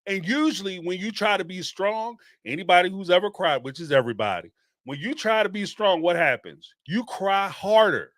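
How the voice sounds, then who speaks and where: A man with a high voice hosts a reality-TV call-in show, talking in a casual, sarcastic and animated way. He laughs often, and the sound is close and dry. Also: normal speed, no room sound. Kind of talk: casual commentary.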